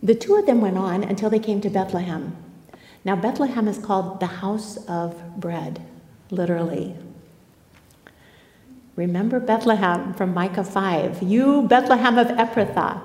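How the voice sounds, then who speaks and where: A woman giving an earnest, expressive sermon on a Bible passage, retelling and explaining the story. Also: medium pitch, unhurried, long pauses. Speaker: Bible teacher. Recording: echoey hall.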